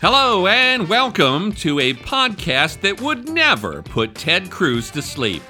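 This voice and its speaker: A man hosting an opinion podcast, sarcastic and loud by his own account. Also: sits high, wildly swooping pitch, slow, soft background music. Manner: sarcastic, self-described loudmouth. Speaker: podcast host.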